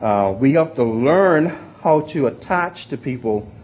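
A man's voice: mid-range voice, lively intonation, unhurried. A young man teaching a class, rambling, repeating words and asking the room questions, in a slightly muffled recording. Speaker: youth teacher. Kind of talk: interactive class talk.

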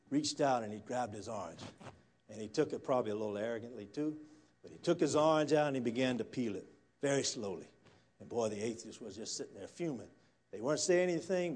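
A male preacher, delivering a church sermon as a folksy storyteller who swings from quiet murmurs to loud, fired-up preaching. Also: medium pitch. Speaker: guest pastor. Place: church sanctuary.

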